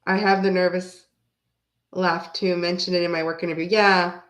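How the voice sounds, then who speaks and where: A woman's voice: on the low side, little pitch movement, normal speed. A woman in her forties, hosting a card reading stream and chatting casually with viewers, rambling through stories and laughing often. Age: 40s. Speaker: tarot reading host. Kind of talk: casual livestream chat with viewers. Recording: roomy echo.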